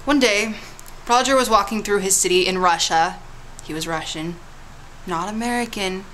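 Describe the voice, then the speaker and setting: A woman's voice: mid-range voice, moderate pace, fairly bright tone, slight background noise, rough recording. Playful woman vlogger, teasing tall tale. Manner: playful, teasing storyteller with swoops into big dramatic tones. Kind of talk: casual vlog with a mock history tale.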